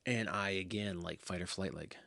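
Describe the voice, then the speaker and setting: Male podcast host, deep voice, casual rambling storyteller, hushed asides, dry recording. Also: moderate pace, gravelly, no room sound. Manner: rambling, often drops to a hushed near-whisper.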